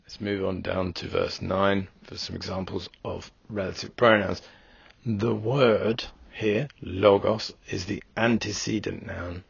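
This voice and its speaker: A man's voice: low-pitched, steady tone, a little slow, gravelly, breathy edge, dry recording, muffled recording. A man teaching a language lesson, going through word forms step by step in a methodical way. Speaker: Greek teacher. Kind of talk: recorded lesson walkthrough.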